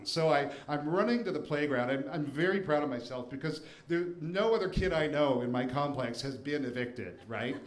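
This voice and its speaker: A man's voice: fairly high pitch, slight background noise. A man in his forties from the Washington, D.C. area, telling a first-person story on stage with wry, self-deprecating humor. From Washington, D.C. area, USA. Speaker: storyteller and attorney. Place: live show venue before an audience. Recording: roomy live venue with faint ambience.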